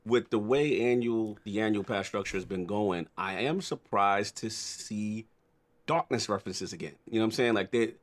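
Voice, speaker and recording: A man with a somewhat low voice chats on a gaming podcast. He talks easily and loosely, leaning on "you know" and steady "mm-hmm" agreement. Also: normal speed. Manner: relaxed, many "you know" and "mm-hmm" fillers. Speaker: podcast co-host. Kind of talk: casual gaming podcast chat.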